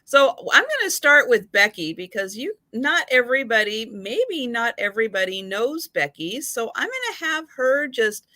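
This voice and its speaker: A woman's voice: fairly high pitch, big pitch swings, normal speed, hardly any pauses, sharp tone, no echo. A woman hosting a live sale stream, talking in a friendly, hesitant way with fillers. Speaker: host. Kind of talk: casual chat on a live stream.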